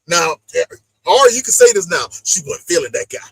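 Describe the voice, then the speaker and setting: Guy with a really high swoopy voice, gravelly and kinda husky, talking tv recap, dry close sound. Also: fairly quick, low-quality recording. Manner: animated, acts out the people he talks about. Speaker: podcast host. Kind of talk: casual reality-show recap chat.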